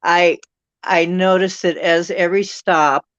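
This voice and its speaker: A woman's voice: fairly low pitch, steady tone, measured pace, fairly bright tone, clear, resonant tone, no echo. A woman hosting a casual livestream chat, talking in an effusive, rambling way about spiritual topics. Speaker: host. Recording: muffled lo-fi audio.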